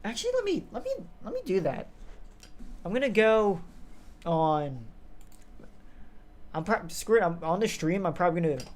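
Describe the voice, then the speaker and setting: A man's voice: high-pitched, animated, normal speed, long pauses. A young man co-hosting a casual podcast chat, rambling with lots of fillers and restarts. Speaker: co-host.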